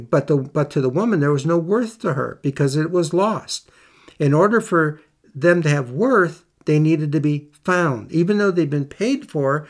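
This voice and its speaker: Earnest preaching man, slightly higher voice. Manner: earnest teaching with scripture quotes and questions to listeners. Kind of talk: bible lesson sermon.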